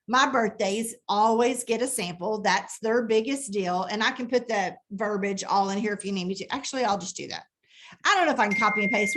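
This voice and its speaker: A woman giving a chatty, animated live training talk on her phone, thinking aloud as she types. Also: fairly high pitch. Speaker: direct sales team leader.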